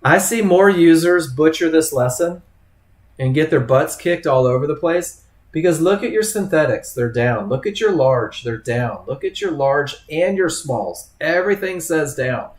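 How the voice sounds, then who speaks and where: A man's voice: fairly high pitch, lively intonation, normal speed. A man leading a live trading webinar, talking casually to students by name and acting out traders' thoughts. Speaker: trading instructor. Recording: echoey room.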